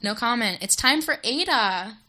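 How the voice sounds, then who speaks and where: A young woman co-hosting a casual radio show, playful and quick to laugh, often echoing her partner's words. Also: fairly high pitch, lively intonation, bright, forceful tone. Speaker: radio co-host.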